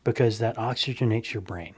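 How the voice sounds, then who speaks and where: A middle-aged stunt coordinator tells stories in casual conversation, animatedly acting out the dialogue. His voice is fairly low with a breathy edge, and he talks a little fast.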